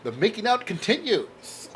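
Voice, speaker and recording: Excited guy showing his comic haul, slow talker, voice jumps all over, faint room hum. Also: high-pitched. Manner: enthusiastic, exclaims over covers; laughs at his own jokes. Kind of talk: casual vlog chat.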